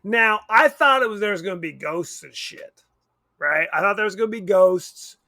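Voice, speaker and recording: In a clip with no echo, this podcast co-host has a high voice that sounds pushed and bright, delivered at normal speed. His casual movie chat is rambling and wry, and he frequently catches and corrects himself.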